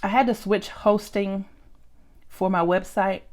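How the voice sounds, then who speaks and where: A woman's voice: medium pitch, steady tone, measured pace, darkish tone. A woman chatting casually as she eats on camera, rambling and laughing often. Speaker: mukbang vlogger. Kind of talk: casual chat while eating.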